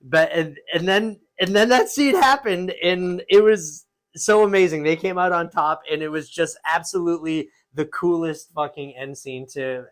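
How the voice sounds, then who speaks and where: Enthusiastic slightly high-voiced man. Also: moderate pace. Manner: enthusiastic, emphatic, swears freely. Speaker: podcast co-host. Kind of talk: casual movie chat.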